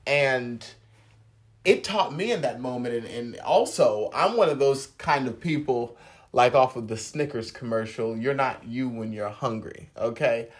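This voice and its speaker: A man giving a relaxed personal sermon, speaking in a halting way with restarts and soft laughs. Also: medium pitch.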